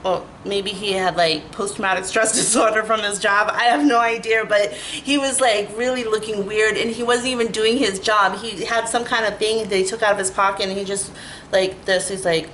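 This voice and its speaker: A woman vlogger telling a story in a casual, animated way, swearing freely and acting out what she said at the time. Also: moderate pace, slight background noise, low-quality recording. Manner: animated, chatty, profane, lots of "like" fillers; acts out her own quoted lines with rising pitch.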